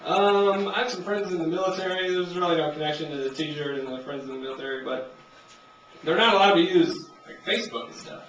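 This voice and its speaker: A young man works through a stand-up set, rambling easily and jumping into raised character voices. His voice sits high for a man. The recording is muffled and lo-fi, caught from a distance in a roomy club with clear audience noise. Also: brisk, fairly bright tone. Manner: laid-back rambling delivery, acts out characters in raised voices. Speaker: stand-up comedian. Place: comedy club stage. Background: audience laughter.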